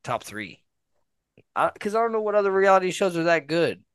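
A man's voice: high voice, big pitch swings, a little fast, clean tone, no room sound. A young man from the United States chatting casually on a podcast, rambling and swearing freely. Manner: profane, rambling, laid-back. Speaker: podcast co-host.

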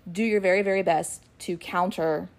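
Woman, middle-aged, podcast co-host, animated storyteller, casual chat. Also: on the low side, moderate pace. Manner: animated, acts out her kids' voices when retelling. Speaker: podcast co-host and ministry worker.

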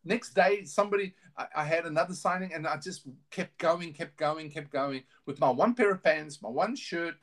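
A middle-aged man speaking as a guest in a relaxed interview, his voice sitting a little high for a man. He talks earnestly and openly, stumbling and restarting as he goes. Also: normal speed, hardly any pauses. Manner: earnest, candid, with many restarts. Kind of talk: casual interview storytelling.

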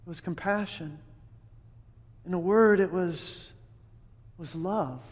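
High-voiced man preaching in a reverberant hall. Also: takes it slowly. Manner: earnest storytelling with restarts and emphatic repeats. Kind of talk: first-person dramatic sermon monologue.

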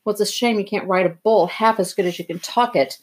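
Cool sharp-tongued teen girl, as a woman reads her, biting and brisk. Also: mid-range voice, close to an everyday voice. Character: sharp-tongued teenage girl cheerleader, cool then friendly.

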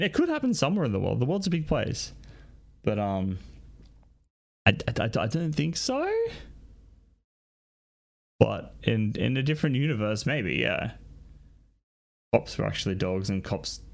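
A man's voice: medium pitch, sing-song, normal speed, vocal fry, pauses often. A young man hosting a solo podcast, answering listener questions in a rambling, casual way and swearing often. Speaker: podcast host.

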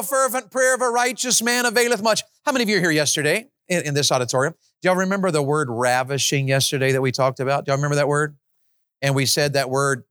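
A preacher delivering a sermon, his voice swinging from conversational asides to high, fervent pleading. He is a man of middle pitch, recorded close and dry despite the auditorium. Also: a bit bright, no echo. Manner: builds to impassioned pleading, acts out fervent prayers.

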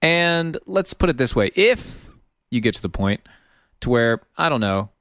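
A man's voice: medium pitch, big pitch swings, unhurried, a bit bright, no room sound, studio quality. A man co-hosting a show, easygoing and casual, reading out a number and agreeing readily. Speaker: podcast co-host. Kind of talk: casual banter.

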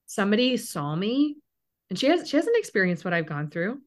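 A woman's voice: mid-range voice, big pitch swings, fairly quick. A young adult woman hosting a podcast interview, talking earnestly and emotionally with many fillers. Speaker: podcast host. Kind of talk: heartfelt conversational interview.

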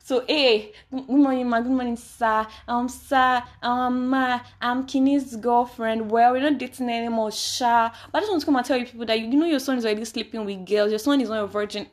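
A woman's voice: on the high side, steady tone, fairly quick, few pauses, pitched above the performer's own voice, natural voice. A woman voicing a young woman who tattles to her ex's parents, speaking in an overly polite, singsong way. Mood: mock-polite.

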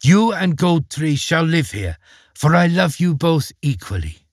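A man doing a gentle young prince. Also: on the high side, big pitch swings, measured pace, breathy edge, no echo, studio quality, voice pushed up, full character voice. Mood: tender. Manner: gentle, courtly. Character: kind young prince, warm and gallant.

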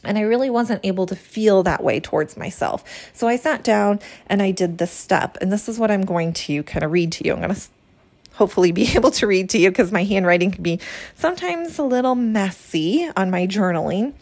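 Female spiritual podcast host, mid pitch, gravelly fry, reflective journal reading. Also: expressive, fairly quick, darkish tone. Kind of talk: reading a healing prayer from her journal.

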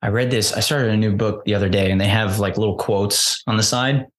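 A man sits as an actor guest in a relaxed interview. His voice sits slightly low, and he talks with lively, self-deprecating energy, laughing often and restarting his sentences. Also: brisk. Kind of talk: casual chat.

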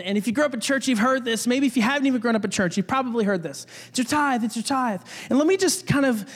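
A man's voice: high voice, in a large hall. A young man preaching a casual sermon, talking conversationally with restarts and jokey asides. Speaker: pastor.

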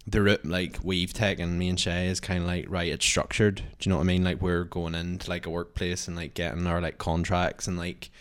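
A man's voice: low-pitched, level tone, fairly quick, hardly any pauses, smooth. A young man, co-hosting a podcast in casual, rambling chat full of "like". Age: young adult. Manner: rambling, heavy use of "like". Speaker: podcast co-host.

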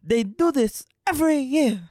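A man's voice: extremely high pitch, expressive, normal speed, darkish tone, no room sound, studio quality, pitched above the performer's own voice. A man imitating a whiny, lisping male cartoon sloth in a raised, pleading voice.

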